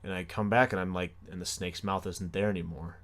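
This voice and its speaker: Animated, self-mocking young man telling stories. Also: sits low, a little fast. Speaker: podcast host. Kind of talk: comic storytelling.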